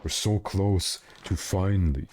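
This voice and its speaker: A man's voice: low-pitched, measured pace, darkish tone, a little hiss or hum. A man from Germany, chatting casually on a game livestream in a rambling, jokey way and often correcting himself. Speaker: game streamer.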